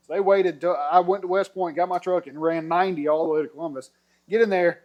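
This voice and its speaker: A middle-aged podcast guest tells a long story casually over drinks, voice slightly high and quick, with the upper frequencies clipped. He's an animated storyteller who performs the quotes and laughs a lot.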